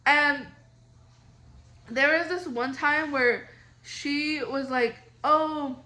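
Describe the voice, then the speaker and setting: A woman's voice: sits high, extremely slow, bright, forceful tone. A young woman telling a story casually on her vlog, rambling with lots of filler words. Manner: rambling, many "like" fillers, upset recounting. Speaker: vlogger.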